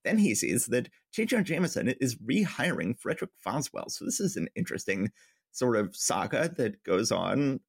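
A man's voice: mid-range voice, vocal fry, husky, dry recording, clean studio sound. A man co-hosting a podcast, casually recapping comic book plots and reading quoted dialogue in a light voice. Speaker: podcast co-host.

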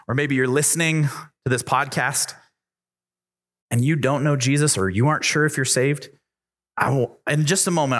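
In a church youth room, a youth pastor preaches an emphatic sermon to young people, repeating himself and rising in pitch whenever he gets excited.

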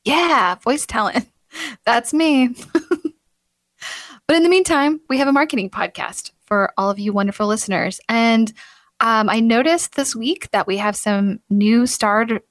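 A woman's voice: fairly high pitch, unhurried, no echo, studio quality. A woman hosting a marketing podcast in a chatty, upbeat way, laughing often. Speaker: podcast host. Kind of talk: casual podcast chat.

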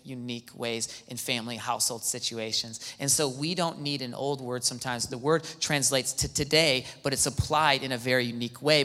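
A man preaching as a pastor, excitable, swinging from hushed asides to near-shouts and acting out quoted dialogue. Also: medium pitch. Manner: acts out quoted dialogue in the talk. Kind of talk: sermon. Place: church hall. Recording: long hall reverb.

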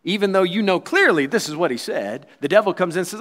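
Guy preaching a sermon, kinda high voice, gets loud then drops real quiet, does little voices for people he quotes. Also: expressive, fast. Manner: dramatic preaching that swings between loud and quiet; acts out quoted voices and crowd replies.

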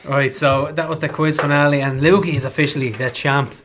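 A man's voice: a little high, level tone, brisk. Guy hosting a footy podcast in a pub, chatty, rambly, bit of hiss. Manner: chatty, laughing, loose and rambling. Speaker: podcast host. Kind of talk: casual chat among football fans.

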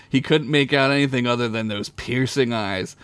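A man's voice: medium pitch, moderate pace, a bit bright, smooth, no echo. A man reading a comedic story aloud for a podcast, laughing at his own jokes.

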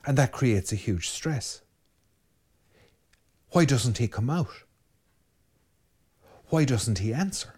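Irish priest preaching, pushy and urgent, fires off commands, mid-pitched man's voice. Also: animated, darkish tone, husky. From Ireland. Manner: urgent, exhorting, direct address with rapid commands. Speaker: Catholic priest. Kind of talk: spoken sermon on prayer.

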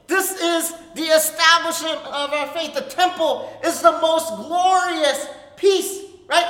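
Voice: high-pitched, fairly bright tone, echoey room, in a large hall. A pastor preaching a conversational sermon and checking in with "right?" asides.

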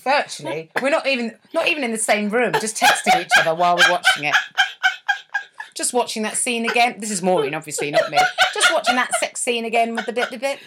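A woman co-hosts a casual podcast with a slightly high, very lively voice. She jokes, teases and acts out quoted voices, laughing as she goes. The recording carries loud background noise. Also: brisk. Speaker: podcast co-host.

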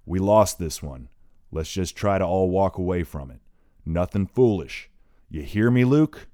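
A man with a very deep voice voicing a gravelly old father who shouts orders to his sons in an audiobook. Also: measured pace, dry recording, clean studio sound. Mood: shouting. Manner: pleading yet commanding, shouts to his sons. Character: gruff old male father, booming and gravelly.

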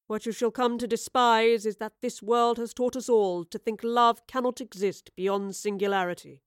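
A woman puts on a portly gentleman in his forties, dignified but wounded, speaking in formal, old-fashioned phrases. The voice is smooth and clear, recorded dry and close. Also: extremely high pitch, steady tone, normal speed, no echo. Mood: impassioned. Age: 40s. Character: older man, portly, wounded, dignified, melancholy.

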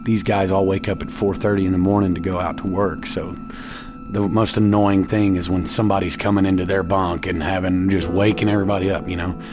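A young man from with a drawl tells his story in a loose, plainspoken way, filling it with little asides. His voice sits a bit low. Guitar music plays under him the whole time. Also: level tone, fairly quick. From East Texas. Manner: casual, plainspoken, drawling with frequent fillers. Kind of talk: personal story told to a radio show.

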